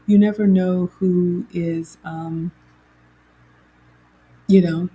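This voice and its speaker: Woman, middle-aged, mellow tone, chatty livestream host. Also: on the low side, steady tone, extremely slow, husky. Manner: chatty, reading viewer comments aloud. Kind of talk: casual livestream chat.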